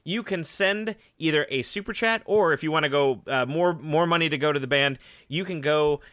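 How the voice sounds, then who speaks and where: A man's voice: fairly high pitch, normal speed, clean tone, no echo, studio quality. A man hosting a casual live-stream podcast, joking and reading out viewers' names and donations. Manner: animated, jokey, reads chat names aloud. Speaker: podcast host.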